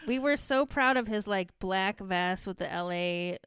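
A woman co-hosting a casual podcast chat, giggly and animated, telling stories with quoted asides. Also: medium pitch, unhurried, background noise. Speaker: podcast co-host.

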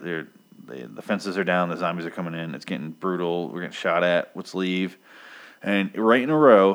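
Man, very low voice, casual profane recap vlogger, rambling delivery. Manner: rambling, profane, lots of ums. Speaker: comic book recap vlogger.

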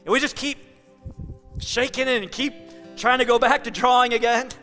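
Pastor, male, high and bright tone, conversational sermon delivery, long hall reverb, light music underneath. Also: fairly even intonation, normal speed. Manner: earnest, conversational, emphatic.

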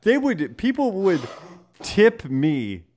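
A man co-hosting a podcast, telling stories in an animated, profane, casual way. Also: high-pitched, slow pace, a little hiss or hum. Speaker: podcast co-host. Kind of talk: casual chat.

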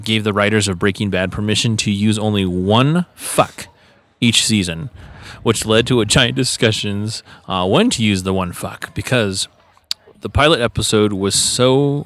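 A man co-hosting a podcast, easygoing and quick to laugh while he shares trivia. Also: on the low side, fairly bright tone. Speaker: podcast co-host. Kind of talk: casual chat. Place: local market at an art college.

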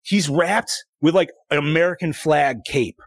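A man's voice: on the high side, measured pace, dry recording. Laid-back swearing man, dry sound. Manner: laid-back, swears a lot, calls people dude. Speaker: podcast co-host. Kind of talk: casual profane chat. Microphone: streaming setup with ring light.

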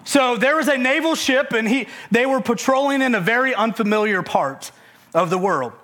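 Man, high voice, preaching, conversational and emphatic, repeats key phrases, folksy jokes. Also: lively intonation, moderate pace, a bit bright. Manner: folksy humorous asides. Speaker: pastor. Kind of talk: sermon.

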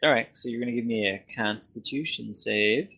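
A man runs a tabletop game with easy, rambling narration. His voice sits at an ordinary middle pitch, and he laughs often as he describes scenes to the players. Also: normal speed, vocal fry, heavy background noise. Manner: laughing, loose storytelling. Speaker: game master.

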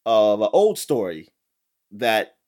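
A man co-hosting a casual chat show, animated and laughing often, with frequent restarts. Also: lowish voice, slow. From not British. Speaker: podcast co-host.

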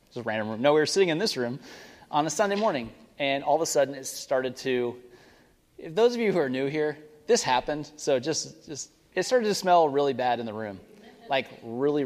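A young adult male pastor giving a casual, rambling sermon story and prayer, often stopping to correct himself. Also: mid-range voice. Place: church sanctuary. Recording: long reverb of a church hall.

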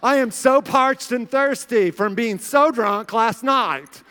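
Sermon-story bit: a man doing a ditzy hungover young college woman, gushing valley-girl drawl, pitched up. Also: slow, fairly bright tone, exaggerated voice.

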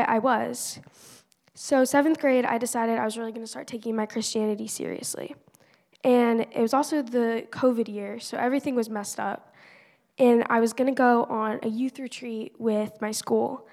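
Earnest teen girl with vocal fry. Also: a little high, fairly even intonation, normal speed, darkish tone. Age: teenager. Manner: earnest, conversational, many "like" fillers. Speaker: church member giving a testimony. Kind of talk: personal faith testimony. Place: church hall. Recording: long church-hall reverb.

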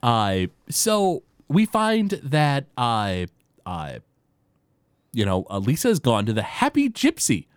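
Rambling man with a lively, dry voice. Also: mid-range voice, clean tone, no room sound. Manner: rambling, many fillers, retells scenes in quick impressions. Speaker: podcast co-host. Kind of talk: casual chat recapping a cartoon episode.

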